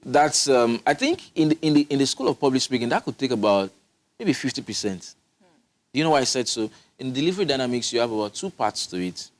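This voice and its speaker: A man's voice: mid-range voice, very animated, fast talker. A man, a public speaking coach, explaining his methods emphatically in a studio interview, often restarting his sentences. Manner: instructive, emphatic, with frequent restarts.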